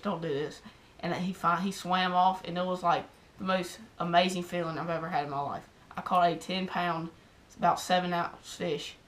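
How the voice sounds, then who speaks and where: Southern woman fishing vlogger, lowish voice, excited rambling storyteller, casual to camera. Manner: excited and rambling, heavy use of "like".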